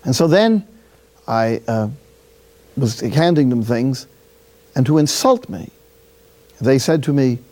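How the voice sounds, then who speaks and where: A friar from City, preaching a sermon through a lively personal story with acted-out dialogue. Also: male voice, mid-range voice, slow pace, long pauses. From Jersey City, New Jersey.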